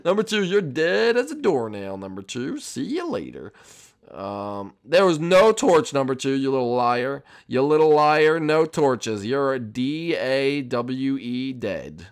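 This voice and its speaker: A boastful young koopa prince, played by a man in a Minecraft role-play, taunting the others with a voice that swoops wildly up and down. He is excitable and shouts out his countdowns. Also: medium pitch, a little slow.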